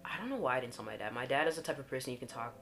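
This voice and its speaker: A woman's voice: very deep voice, lively intonation, racing, over music. Young woman telling a candid story. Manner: candid storytelling, many "like" and "you know" fillers. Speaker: guest telling her coming-out story. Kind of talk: casual conversation.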